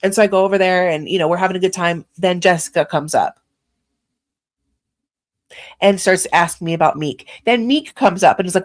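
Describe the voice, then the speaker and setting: A woman's voice: fairly low pitch, fairly quick, long pauses. A young adult woman hosting a livestream, ranting angrily and profanely at her chat. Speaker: livestream host. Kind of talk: angry livestream rant.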